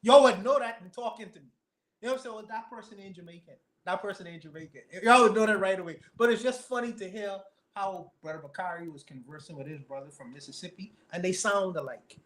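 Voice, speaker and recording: High-voiced Bahamian man, rambling. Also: fast talker, a bit bright. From Caribbean. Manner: rambling, repeats words when starting. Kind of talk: casual group discussion. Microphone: online call.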